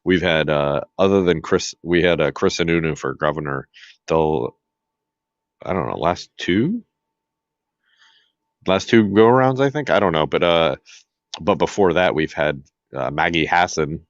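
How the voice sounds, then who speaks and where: A man with an extremely deep, low voice, co-hosting a podcast in a relaxed political chat. He rambles and restarts his sentences often. The audio is dry and a little muffled. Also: measured pace, pauses often, no room sound. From Massachusetts. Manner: rambling, many fillers and restarts. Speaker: podcast co-host.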